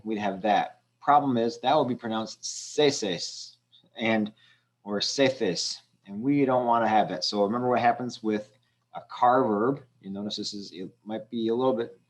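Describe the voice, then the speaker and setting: A male teacher patiently walking students through a language exercise step by step, with frequent ums. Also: lowish voice. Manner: patient, explaining step by step with fillers. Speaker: Spanish teacher. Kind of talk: screen-recorded lesson walkthrough.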